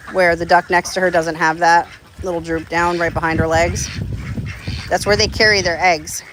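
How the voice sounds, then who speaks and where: A woman on her duck farm chats to viewers and to her birds, her voice lifting high whenever she coaxes them. She is recorded outdoors by the pens with faint noise behind her. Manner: chatty, talks to her ducks in a high coaxing voice. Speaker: duck keeper. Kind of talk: casual farm vlog talk.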